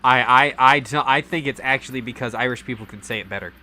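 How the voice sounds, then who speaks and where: A man's voice: mid-range voice, quick pace, bright, forceful tone. A man playing a tower defense game, joking around and swearing at the enemies. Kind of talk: casual let's play chat.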